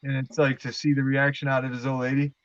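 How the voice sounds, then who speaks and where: A man telling rambling, profane stories in casual livestream chat, halting over his words. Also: mid-range voice, monotone, no room sound. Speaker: livestream guest. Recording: dull lo-fi sound.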